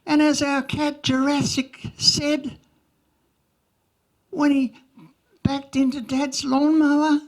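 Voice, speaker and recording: A rambling young schoolkid, as a woman puts the child on, telling a comic story in a high, slow, earnest voice. The delivery wanders, stumbles and fills gaps with "like", in a childlike comic monologue. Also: flat delivery. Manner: rambling, childlike, full of "like" and slips.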